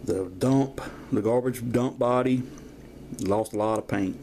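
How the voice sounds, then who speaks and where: A man in his 50s from Georgia, US, films his toy collection at home for a casual show-and-tell vlog, his mid-range voice mellow and unhurried. He's folksy and rambling, drifting into stories, with chatty camera-mic sound and slight background noise.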